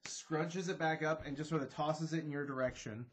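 A man's voice: fairly high pitch, fairly even intonation, normal speed, a little hiss or hum. A man narrating as game master, playful and a bit rambling, laughing between beats.

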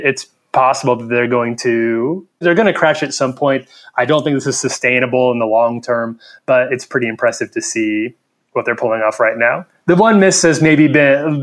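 A man's voice: medium pitch, fairly bright tone. A man hosting a casual podcast discussion, steering the talk and putting questions to his co-hosts. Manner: leads discussion, asks guests questions. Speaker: podcast host.

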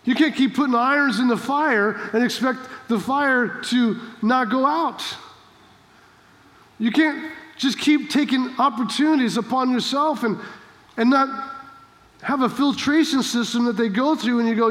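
A man's voice: very high voice, unhurried, fairly bright tone, long reverb tail. A man preaching a sermon as pastor, fervent and exhorting, telling stories to make his points. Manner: fervent, exhorting, with storytelling asides.

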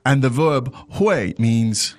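A man's voice: medium pitch, animated, slow. A man hosting a language lesson, walking through a dialogue step by step and prompting his co-host to supply the words.

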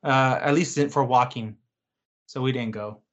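With a mid-range voice at a moderate pace and dull-sounding audio, a young podcast co-host makes casual conversation. He comes across as easygoing and chatty, leaning heavily on fillers like "um."

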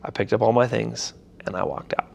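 A young pastor tells his story in a relaxed interview, his voice edged with a gravelly fry. He talks in an animated, slangy way and acts out his own past reactions as he goes. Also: lowish voice, fairly quick. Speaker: pastor and church founder.

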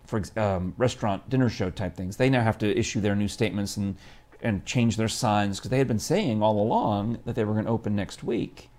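A man's voice: lowish voice, brisk, a little mellow. A man co-hosting a live chat show, talking casually and rambling with many restarts. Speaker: co-host.

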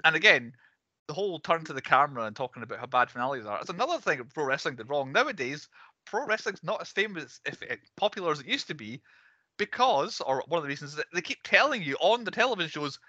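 A man's voice: a little high, sing-song, bright, forceful tone, no room sound, muffled recording. A man co-hosting a casual podcast, ranting with strong opinions about films and shows. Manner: opinionated, ranting, fast asides. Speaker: podcast co-host. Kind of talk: casual ranting film chat.

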